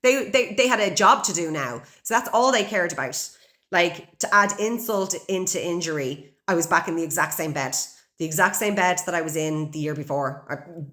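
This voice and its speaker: An Irish woman in her forties hosts a podcast, her lowish voice pushed and bright at a normal speed. She tells a raw personal story bluntly, swearing heavily and showing open emotion.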